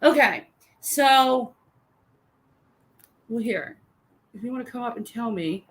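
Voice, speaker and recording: A woman chatting on a livestream in a high voice. She rambles and swears casually as she greets viewers and tells stories. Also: animated, slow pace, a little hiss or hum. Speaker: livestream co-host.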